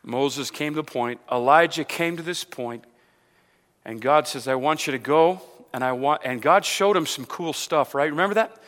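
A male preacher in full sermon, voice bright and pitched a little high, swinging from low asides to loud, emphatic runs. He keeps asking the congregation questions and repeating words. The long reverb of a big hall hangs on every phrase. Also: normal speed. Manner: repeats words, asks the crowd rhetorical questions; builds to loud emphatic stretches, then drops low.

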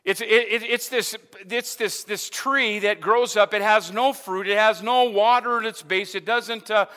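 A man's voice: high voice, steady tone, unhurried, pushed and bright, big-room sound. A man preaching a sermon in a loose, conversational way, sprinkling "amen" and repeating words as he works through his point. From Arizona, USA. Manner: preaching with frequent "amen" fillers and repetitions. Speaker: pastor.

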